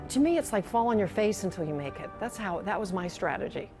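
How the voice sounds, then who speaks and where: A woman's voice: mid-range voice, quick pace, music in the background. A woman in her sixties, a longtime TV news anchor, telling stories in a reflective, emotional conversational interview and often repeating her phrases. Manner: animated, emotional storyteller who repeats phrases.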